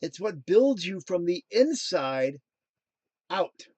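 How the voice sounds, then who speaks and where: A man's voice: high voice, big pitch swings, slow pace, darkish tone, no room sound. A man hosting a casual motivational talk, drifting into playful jokey asides before coming back to his point. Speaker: motivational show host.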